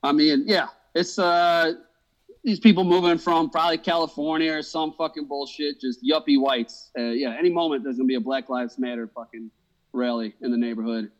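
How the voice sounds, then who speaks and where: A man's voice: a little high, fairly even intonation, moderate pace. A man co-hosting a podcast in casual chat, blunt and ranting with constant swearing. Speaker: podcast co-host.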